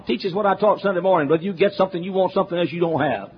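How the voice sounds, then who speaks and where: Folksy high-voiced preacher. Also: male voice, racing, husky. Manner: folksy, joking asides, building to emphatic. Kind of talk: sermon. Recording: dull lo-fi with faint noise.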